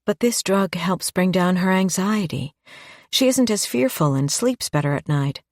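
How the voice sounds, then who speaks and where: A woman voicing a stern, anxious mother with a sharp, scolding manner in an audiobook. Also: fairly low pitch, a little slow, no echo, clean studio sound. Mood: worried.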